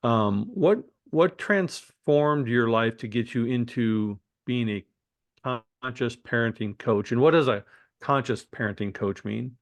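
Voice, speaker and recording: A male host asks his guest loose, meandering questions. His speech stops and starts, padded with fillers. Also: medium pitch. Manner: halting, filler-heavy questions. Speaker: host, interviewer. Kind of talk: casual interview questions.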